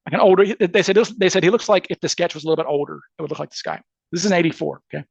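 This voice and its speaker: A man, a criminal defense attorney, telling a story casually as a podcast guest, animated and restarting often. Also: sits high, racing, gravelly, breathy edge, no echo. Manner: animated, acts out quoted voices, frequent restarts.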